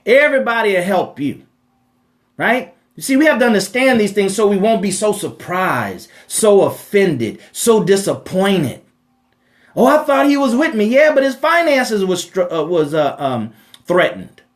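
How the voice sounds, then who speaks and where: A man's voice: high-pitched, very animated, measured pace. A man hosting a live question-and-answer talk about money, speaking emphatically in a preachy way, repeating phrases and tagging lines with rhetorical "right?" asides.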